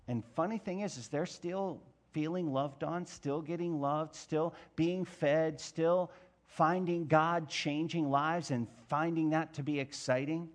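A man with a notably high voice delivers a sermon at an unhurried, deliberate pace. He questions his congregation rhetorically and swells into loud, emphatic passages. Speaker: pastor.

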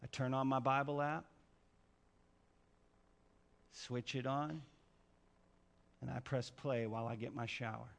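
A man preaching a sermon, telling stories with dramatic swings from hushed to loud. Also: mid-range voice, steady tone, measured pace, gravelly, pauses often. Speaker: pastor.

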